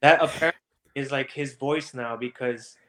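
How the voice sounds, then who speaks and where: A man's voice: mid-range voice, moderate pace, a crowd in the background, rough recording. A man on a podcast panel, dropping wry, offhand remarks in casual chat.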